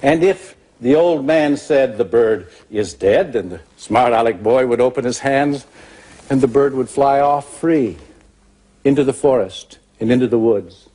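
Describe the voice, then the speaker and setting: A man delivering a solemn closing argument to a jury, telling a parable with dramatic pauses. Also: medium pitch, a little mellow, slightly rough. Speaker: lawyer.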